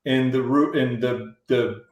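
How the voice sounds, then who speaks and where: A man's voice: medium pitch, fairly even intonation, takes it slowly, echoey room, rough recording. A man, a musician, telling a long anecdote in casual chat, restarting and acting out other people's lines. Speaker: musician guest. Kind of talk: casual storytelling on a radio show.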